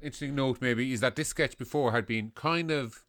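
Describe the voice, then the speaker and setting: Smooth-voiced easygoing man. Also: medium pitch, a little fast, fairly bright tone, no echo. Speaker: comedy podcast regular. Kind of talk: casual chat.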